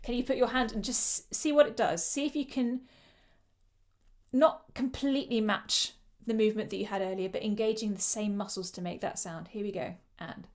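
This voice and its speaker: A woman's voice: medium pitch, fairly even intonation, normal speed, a little mellow. A woman leading a vocal workshop, explaining breath control and demonstrating with shushing sounds. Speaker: choral singing coach. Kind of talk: online vocal workshop instruction.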